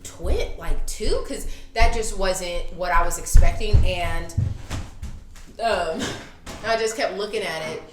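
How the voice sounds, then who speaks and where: A woman in her thirties telling a story in casual chat, animated and acting out the voices she quotes. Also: fairly low pitch, measured pace, music in the background. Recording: echoey room.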